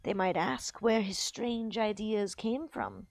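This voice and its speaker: A woman's voice: medium pitch, slow, creaky, no room sound. Grishnakh, a sneering evil orc voiced by a woman. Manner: sneering, softer and scheming. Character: sly, evil male orc messenger. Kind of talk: reading a book aloud on a livestream.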